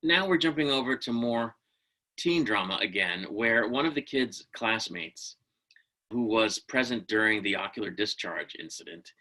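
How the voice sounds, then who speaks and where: A man's voice: fairly low pitch, pushed and bright, low-quality recording. A man giving a casual, opinionated spoken review of a TV episode, ranting and often restarting his sentences.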